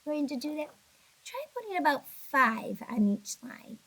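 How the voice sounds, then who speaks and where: A woman's voice: high voice, big pitch swings, moderate pace, fairly bright tone, poor audio. A woman teacher recording a video lesson for young children, patient and encouraging, a little sleepy and yawning. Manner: patient, encouraging, talks to kids directly.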